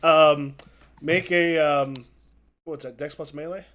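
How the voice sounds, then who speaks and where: Casual: guy gm stumbling thru narration, lots of ums, slightly high voice. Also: fairly even intonation, a bit bright. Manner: halting, filler-heavy, chuckling. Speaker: game master. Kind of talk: improvised tabletop narration.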